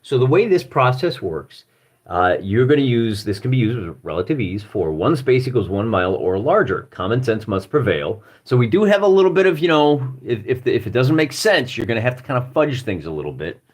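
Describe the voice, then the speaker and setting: Searching through a rulebook on his live stream, a man from Michigan talks his thoughts out loud and makes self-deprecating jokes as he rambles along. He has a Midwestern accent and a medium-pitched, sing-song voice that runs a little fast.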